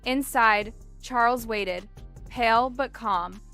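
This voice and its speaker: Bright dramatic female narrator. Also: fairly high pitch, soft background music. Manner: dramatic, measured storytelling.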